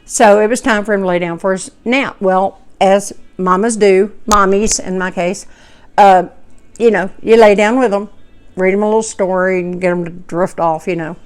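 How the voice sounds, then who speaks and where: A woman's voice: medium pitch, steady tone, normal speed, clear, resonant tone. Rambling woman telling a story. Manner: rambling, self-correcting, folksy. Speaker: cooking channel host telling a personal story. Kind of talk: casual personal storytelling.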